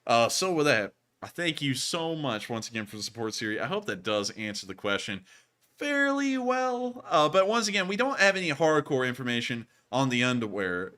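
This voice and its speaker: A young man hosting a live news stream, talking in an excitable, rambling way with lots of "like". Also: mid-range voice, moderate pace. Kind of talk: casual live-stream chat.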